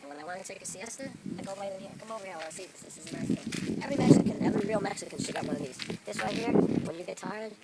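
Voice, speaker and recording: A man's voice: high-pitched, racing, creaky, hardly any pauses, far from the mic, very noisy. A man in character as a grandiose self-proclaimed real Mexican, lecturing and boasting in a rambling improvised comedy monologue outdoors among trees. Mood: boastful. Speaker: vlogger in character.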